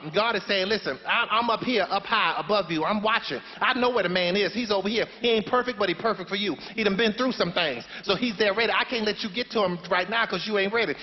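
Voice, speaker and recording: A man's voice: high voice, natural voice. A man playing Madea, a sassy preachy grandmother. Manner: folksy, sermon-like, blunt. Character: sassy, preachy older grandmother giving blunt life advice. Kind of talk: stage play monologue. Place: theater stage before a live audience. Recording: dull live stage recording in a reverberant hall.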